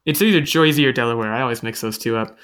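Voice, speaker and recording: A man's voice: mid-range voice, animated, rapid-fire, a bit bright, clear, resonant tone. A man hosting a casual podcast chat, chatty and self-mocking, thinking aloud with frequent restarts. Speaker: podcast host.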